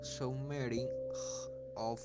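A man narrating a storybook tale in a slow, measured way. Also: mid-range voice, fairly even intonation, poor audio. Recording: loud music playing underneath.

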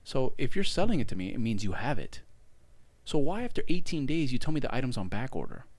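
A young man co-hosting a podcast, ranting in an exaggerated, profane, animated way. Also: mid-range voice, fast, no room sound. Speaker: podcast co-host. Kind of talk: casual chat, ranting complaint.

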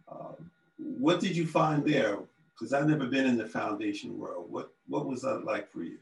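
A man's voice: medium pitch, creaky, echoey room, distant mic, low-quality recording. A man hosting a podcast interview, asking probing questions and offering short encouraging replies. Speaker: podcast host.

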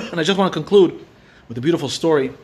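A man with a fairly high voice delivers an earnest sermon. He tells a story along the way and mixes in Hebrew and Yiddish terms. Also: lively intonation, brisk, darkish tone. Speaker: rabbi giving a Torah talk.

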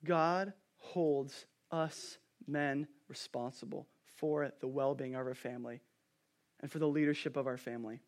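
A man in his thirties preaching a sermon as a pastor, telling family stories with animated swings from hushed to loud. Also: medium pitch, measured pace.

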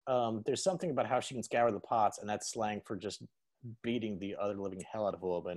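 A man's voice: fairly low pitch, fast talker, darkish tone, no room sound. A man co-hosting a podcast in casual chat, rambling with many "like"s and frequent laughter. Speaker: podcast co-host.

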